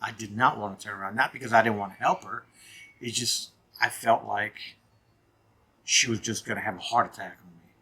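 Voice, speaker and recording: A man's voice: fairly low pitch, fairly even intonation, fairly quick, gravelly, pushed and bright, breathy edge. A man in his fifties telling a personal story on his vlog in an earnest, emphatic way. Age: 50s. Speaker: channel host.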